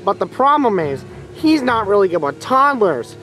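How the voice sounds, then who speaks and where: A man voicing a gentle, saddened dog owner in a plush puppet skit. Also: high-pitched, very animated, normal speed, soft background music, full character voice, poor audio. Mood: friendly. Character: sad friendly young man giving away his dog.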